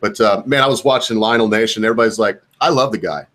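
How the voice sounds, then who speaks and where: A man's voice: lowish voice, fast talker. A man hosting a live stream in casual chat, who laughs easily and tells rambling anecdotes. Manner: chatty and laughing, tells anecdotes with lively asides.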